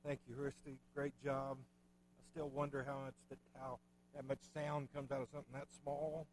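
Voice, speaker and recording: A man preaching a sermon, telling folksy stories in a relaxed, conversational way. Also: mid-range voice, moderate pace, slight background noise. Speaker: pastor. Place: church sanctuary. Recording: long hall reverb.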